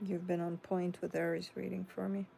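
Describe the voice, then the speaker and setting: Chatty low-voiced woman with gravelly fry. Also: level tone, a little fast, mellow, a little hiss or hum. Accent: Chicago. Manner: chatty, reads viewer comments aloud and answers them. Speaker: tarot reader hosting a live stream. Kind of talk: casual live-stream chat reading comments.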